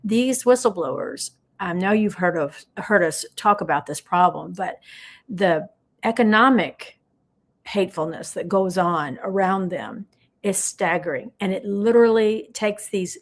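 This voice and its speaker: A woman's voice: on the low side, normal speed. A woman co-hosting a live stream, speaking earnestly and explaining legal terms in plain words. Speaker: podcast co-host. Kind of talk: casual live-stream chat.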